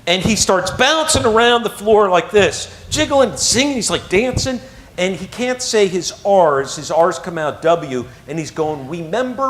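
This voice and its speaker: A man tells a personal story to a live audience. His delivery is animated and swings from hushed to excited. His voice sits fairly high and moves across a wide range. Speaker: motivational speaker.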